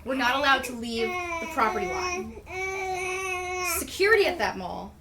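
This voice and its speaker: A woman's voice: high voice, heavy background noise. A woman co-hosting a game stream, telling stories in a casual ranting way and swearing freely. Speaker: streamer co-host. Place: home, with a baby nearby.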